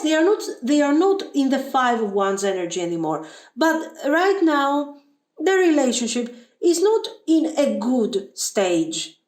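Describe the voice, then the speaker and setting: A woman with a high voice gives a tarot reading to viewers. Her delivery is emphatic and often exasperated, and she speaks directly to them. The room carries a clear echo. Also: darkish tone. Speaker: tarot reader.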